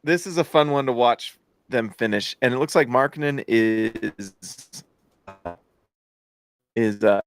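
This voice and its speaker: A man in his thirties hosting a casual live stream, reacting to a basketball game with jokes and excited shouts. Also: medium pitch, unhurried, long pauses, no echo, studio quality, soft background music. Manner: excitable, jokey, shouts at big plays. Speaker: host.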